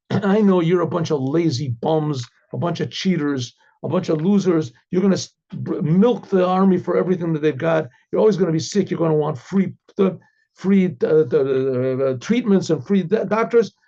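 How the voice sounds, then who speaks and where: A man voicing a gruff middle-aged army dentist who talks in a blunt, scolding way, on a dull lo-fi recording. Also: a little high, normal speed, mellow.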